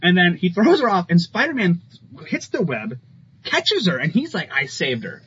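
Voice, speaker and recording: A man's voice: sits high, big pitch swings, moderate pace, fairly bright tone, breathy edge. A man co-hosting a podcast, chatting casually and enthusiastically about comic books and laughing often. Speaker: podcast co-host. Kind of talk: casual comic book chat. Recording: slightly dull, faint ambient noise.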